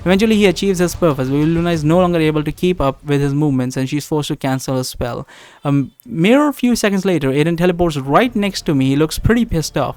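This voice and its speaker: A man's voice: on the high side, lively intonation, fast talker, a little mellow, no echo. A man reading a text adventure game aloud in first person, with asides, laughs and restarts.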